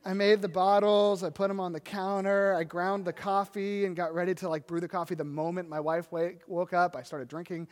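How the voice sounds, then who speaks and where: A man in his thirties with a fairly high voice preaches to a congregation. He tells his stories with animation and acts out the scenes as he goes. His voice rings out with a long reverb through a large church hall. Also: little pitch movement, fairly quick, hardly any pauses. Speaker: pastor. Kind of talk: sermon.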